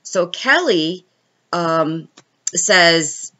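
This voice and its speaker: Woman livestreamer, chatty storyteller, bright tone, slightly low pitch, dull recording. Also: animated, drawn-out words. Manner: chatty, answers viewer comments mid-story. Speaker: live stream host. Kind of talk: casual storytelling chat.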